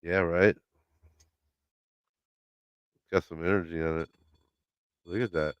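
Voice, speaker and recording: Deep-voiced guy rambling a story on his home livestream, swears a lot, does everyone's lines, dry dull audio. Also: fairly even intonation, slow, smooth, no echo. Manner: loose storytelling, swearing, acts out quotes. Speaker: livestream host. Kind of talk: casual live-stream chat. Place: home, by his laundry room.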